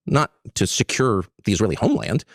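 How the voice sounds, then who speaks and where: A man in an interview with a lowish voice that moves a lot in pitch, talking quickly. The sound is dry and close, and his tone is animated and scoffing. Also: creaky, dry recording. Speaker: interview guest. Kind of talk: broadcast interview.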